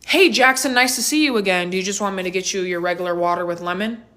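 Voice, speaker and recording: Woman doing a quick, polite waiter. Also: medium pitch, a bit bright, voice pushed down, lightly acted. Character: friendly male restaurant waiter.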